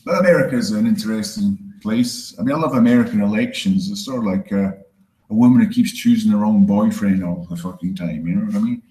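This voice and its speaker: A Scottish man with a slight Canadian tinge doing a crude, self-mocking stand-up set in a deadpan way. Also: quick pace, reverberant, poor audio. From Scotland. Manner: deadpan, crude, self-mocking, breaks into high mocking voices for quoted people. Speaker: stand-up comedian.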